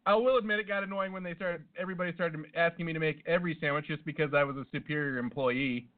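Male co-host, deadpan absurd riffer, somewhat high voice, phone-quality sound. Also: fast talker. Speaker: podcast co-host. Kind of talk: casual comedic banter.

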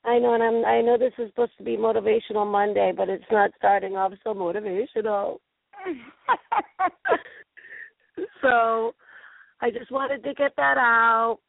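A woman hosting a casual internet radio talk show, sniffly with a cold, from New England, talking in an animated, rambling way. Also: a little high, measured pace, vocal fry, long pauses, no room sound. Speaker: show host. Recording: tinny phone-line audio.

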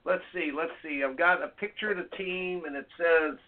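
A male radio host interviewing a guest in an earnest, measured way, asking his questions slowly. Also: on the high side, a little hiss or hum. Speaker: radio show host and tennis coach. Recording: phone-like narrow sound.

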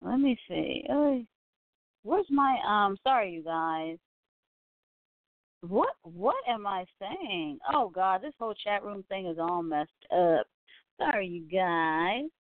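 A woman's voice: mid-range voice, lively intonation, takes it slowly, no room sound. A woman from California hosting a live online talk show, rambling in a casual, chatty way, with lots of asides. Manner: chatty, full of "you know" and asides. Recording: dry, tinny phone-like sound.

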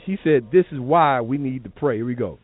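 A man with a Southern US accent hosting a Sunday morning gospel radio talk show, playful and exclaiming loudly at times. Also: medium pitch, a little fast, soft background music. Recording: tinny phone-like broadcast audio.

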